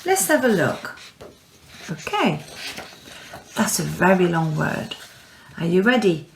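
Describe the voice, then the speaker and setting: A woman teaching French words to young pupils, speaking slowly and patiently and stretching words out for them to repeat. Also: lowish voice, very animated, vocal fry, echoey room. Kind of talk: slow, clear classroom instruction.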